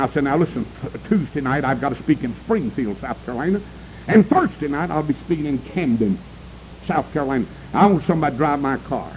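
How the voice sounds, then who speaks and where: A man's voice: a little mellow, slight background noise, low-quality recording. A male preacher, delivering a fiery sermon and calling out to the congregation for amens. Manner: emphatic, swooping pitch, calls for amens.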